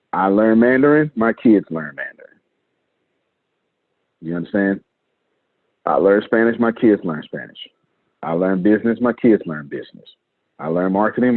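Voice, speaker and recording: A man's voice: lowish voice, no echo. A man coaching his team in a live online meeting, emphatic and fond of repeating phrases for effect. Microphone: video call. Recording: dry, tinny phone-like call audio.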